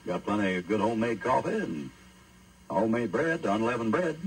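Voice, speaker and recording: A man's voice: fairly low pitch, sing-song, normal speed, a little hiss or hum, rough recording. A man preacher voicing Lot, a folksy, hospitable old man who drawls and stammers. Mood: friendly.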